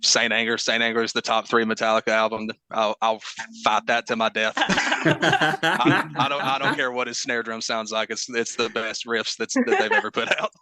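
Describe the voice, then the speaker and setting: A man's voice: mid-range voice, steady tone, moderate pace, pushed and bright. A man with a Southern Alabama accent, a band drummer chatting in a laid-back, easy way as a podcast guest. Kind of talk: casual podcast interview.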